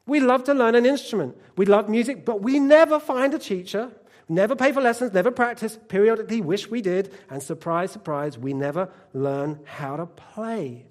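High-voiced preacher, animated. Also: male voice, normal speed. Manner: animated storytelling, emphatic repetition. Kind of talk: sermon.

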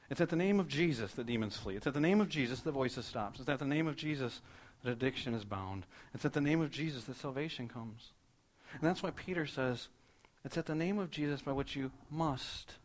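A male pastor preaching a sermon, telling a story fast and building to emphatic repeated lines. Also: medium pitch, expressive.

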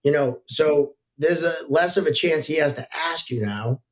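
Man telling relaxed referee stories. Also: a little high, normal speed. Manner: relaxed, anecdotal, frequent fillers. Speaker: hockey referee and guest. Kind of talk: casual podcast storytelling.

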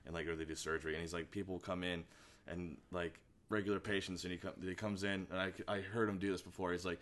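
A man's voice: low-pitched, fairly even intonation, quick pace, crowd noise. A man hosting a casual podcast, telling rambling stories full of "like" and quoted voices. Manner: rambling storyteller, lots of "like" and quoting. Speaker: podcast host. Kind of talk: casual chat.

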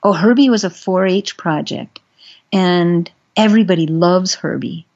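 A woman's voice: fairly low pitch, measured pace, darkish tone. Woman quoting a breezy woman cattle farmer. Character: busy woman cattle farmer, chatty, defensive. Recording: dull lo-fi sound.

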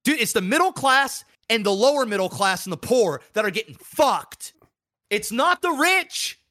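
A man's voice: high-pitched, animated, normal speed, bright, forceful tone. A man co-hosting a podcast, ranting heatedly with lots of profanity in casual chat. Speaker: podcast co-host.

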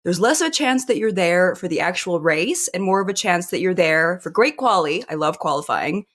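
A woman's voice: on the low side, lively intonation, normal speed, a bit bright. Enthusiastic woman podcast co-host. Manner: enthusiastic, joking. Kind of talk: casual podcast banter.

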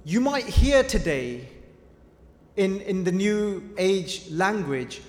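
A man's voice: high voice, animated, slow. A man giving a conversational sermon, telling stories and quizzing his audience with questions. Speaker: preacher. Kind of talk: sermon with storytelling. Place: large hall with a live audience. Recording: echoey hall with long reverb.

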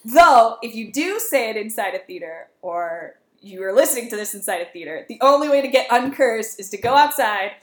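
A woman's voice: a little high, expressive. A woman podcast co-host giving a chatty, laughing plot summary in casual talk. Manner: chatty, laughing, quick asides. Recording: echoey room.

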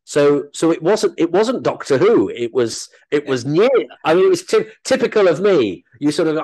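A man who works as an actor and comedian, telling animated, self-deprecating anecdotes as an interview guest. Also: fairly high pitch, normal speed, hardly any pauses.

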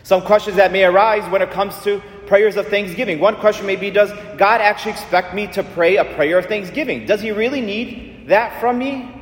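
High-voiced preacher in an echoing church. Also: male voice, brisk, few pauses. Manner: earnest, repetitive preaching. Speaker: Catholic priest. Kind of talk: sermon. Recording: echoey church with long reverb.

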